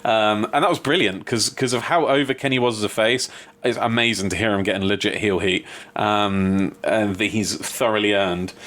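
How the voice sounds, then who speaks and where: Animated man reviewing wrestling. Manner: animated, laughs often, pitch jumps when amused. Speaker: podcast co-host. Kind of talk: casual wrestling review chat.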